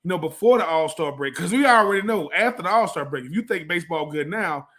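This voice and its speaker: Man, sports talk co-host, high voice, emphatic, drives points home by repetition. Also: lively intonation, fast, fairly bright tone. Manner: emphatic, repeats phrases for effect. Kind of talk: casual sports radio chat.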